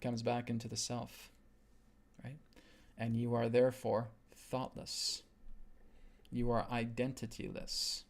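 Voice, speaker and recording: Gravelly man teaching on a live stream. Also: medium pitch, completely flat delivery, slow. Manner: earnest, repetitive, with emphatic "right?" asides. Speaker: host and spiritual teacher.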